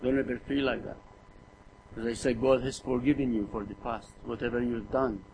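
An earnest middle-aged man delivers a sermon at a mid-range pitch, often stumbling over and repeating his words. He keeps putting rhetorical questions to his congregation. A faint noise sits under the recording. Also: steady tone, normal speed, darkish tone, low-quality recording. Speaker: preacher.

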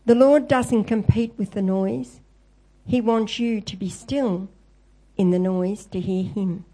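Aussie woman giving a sermon, mellow soft tone, tells bible stories and lifts her voice on the quotes. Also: mid-range voice, slow, poor audio. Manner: storytelling, quoting scripture with lifted voice. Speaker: preacher.

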